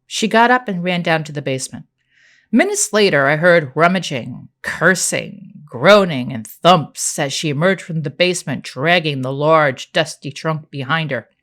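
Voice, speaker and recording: Bright, animated woman audiobook narrator. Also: deep voice, normal speed. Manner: expressive, animated storytelling. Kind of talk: first-person audiobook narration.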